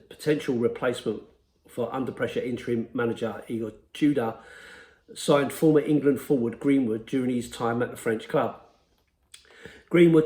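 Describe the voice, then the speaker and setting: Man reading football news, echoey room. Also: mid-range voice. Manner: steady read-aloud delivery. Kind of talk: scripted news headlines.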